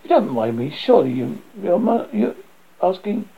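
A man reading the part of a cheerful, slightly naive young naval doctor in a gravelly, husky voice, on a dull lo-fi recording. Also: high-pitched, sing-song, normal speed, pitched above the performer's own voice, exaggerated voice.

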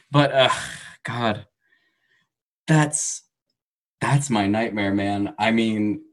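Low-voiced man telling earnest stories. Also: poor audio. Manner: earnest, reflective storyteller with bursts of animated laughter. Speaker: podcast guest. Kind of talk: casual podcast chat.

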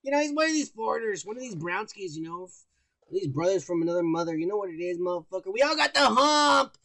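A man's voice: high-pitched, fast. A young man co-hosting a casual podcast, profane and mocking as he reads out news stories. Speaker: podcast co-host. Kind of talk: casual drunk banter.

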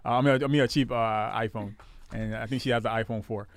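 Chill dj guy hosting a stream from his studio, clear dry voice, jokes around. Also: medium pitch, fairly even intonation, fast talker, no room sound. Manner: easygoing, joking, keeps the show moving. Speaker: DJ and podcast host. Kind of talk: casual livestream chat. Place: home studio.

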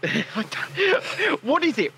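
A man from England in casual podcast chat, teasing and quick to agree. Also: very high-pitched, very animated, over a noisy crowd.

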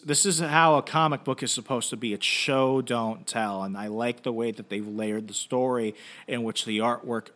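A man's voice: on the low side, a bit bright. Man casually reviewing a comic. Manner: conversational, full of fillers and asides. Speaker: comic book podcast host.

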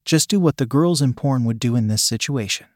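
A man's voice: mid-range voice, expressive, brisk, darkish tone, dry recording, clean studio sound, natural voice. A man voicing a shy, eager young woman in a read-aloud story, in his own plain voice with a coy manner.

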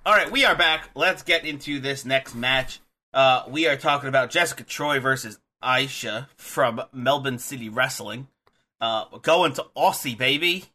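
A young man co-hosting a casual podcast, animated, laughing easily and often restarting his sentences. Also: mid-range voice, moderate pace. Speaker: podcast co-host.

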